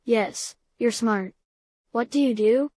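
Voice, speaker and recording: A woman reading the part of a calm boy who coaxes his friend with steady questions. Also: on the high side, slow, no room sound. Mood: coaxing. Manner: calm, coaxing, repetitive questions.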